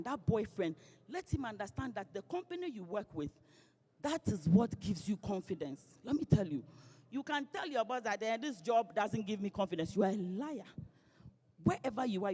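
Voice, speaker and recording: A woman gives a lively, playful motivational speech to an audience. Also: mid-range voice, breathy edge, big-room sound. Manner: lively, playful, acts out quoted voices. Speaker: guest speaker.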